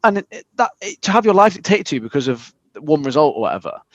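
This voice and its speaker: Fast-talking, frank man. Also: fairly high pitch, sing-song, dry recording. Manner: frank, sweary, quick storytelling. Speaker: podcast co-host, fitness coach. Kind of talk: casual podcast chat. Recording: dry, slightly dull podcast audio.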